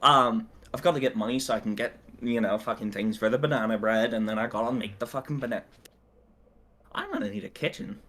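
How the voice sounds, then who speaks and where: A man's voice: medium pitch, fairly quick, a bit bright. A young man playing his character in a tabletop game, boisterous and swearing freely. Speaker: player.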